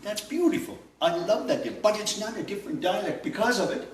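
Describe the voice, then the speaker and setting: An older man from Nova Scotia giving a relaxed, digressive workshop talk, full of fillers and chuckles. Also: sits high, brisk. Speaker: language workshop instructor. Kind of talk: informal classroom lecture. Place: workshop room indoors. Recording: echoey room, distant mic, faint noise.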